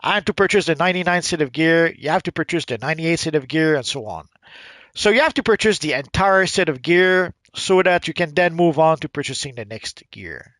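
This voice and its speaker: A man talks through a video game in a relaxed, chatty way, explaining the gear to new players. His voice sits slightly high. The sound is dry and close. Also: fairly quick, no echo. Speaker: gaming channel host. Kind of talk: casual gameplay commentary.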